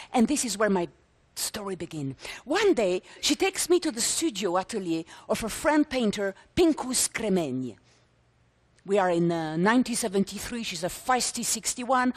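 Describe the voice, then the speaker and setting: A woman performing a story on stage, telling it in a dramatic, theatrical way with vivid lists and emphatic repeats. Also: medium pitch. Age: 60s. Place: conference stage before a live audience.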